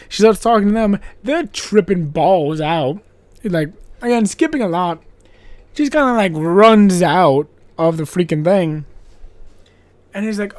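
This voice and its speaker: A podcast host rambles through a horror film recap with constant swearing and sarcastic asides. The host laughs at their own jokes. The voice sits at a middling pitch and sounds dry and close, with no room echo. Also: lively intonation, a little slow, long pauses, darkish tone. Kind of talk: casual spoken film recap.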